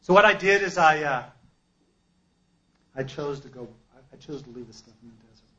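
A man giving a personal testimony at a recovery meeting, an emphatic storyteller who swings between loud outbursts and hushed asides. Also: a little high, animated, moderate pace, dull audio.

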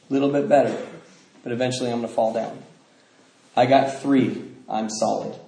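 A man telling his recovery story to an audience as an animated storyteller who laughs as he talks. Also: medium pitch. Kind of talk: personal testimony to an audience. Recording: echoey room with faint noise.

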